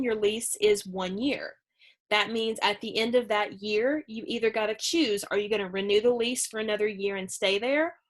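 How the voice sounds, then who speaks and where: A woman's voice: fairly high pitch, fairly bright tone. A woman teaching a middle school English lesson in a chatty, conversational way, explaining with fillers and asides. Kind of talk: recorded remote lesson.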